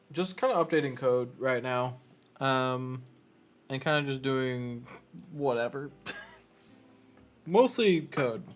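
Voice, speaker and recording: A man streaming while he programs, muttering to himself, scolding his code and turning to joke with his viewers. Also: mid-range voice. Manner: self-mocking, laughs with viewers. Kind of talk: casual chat while programming.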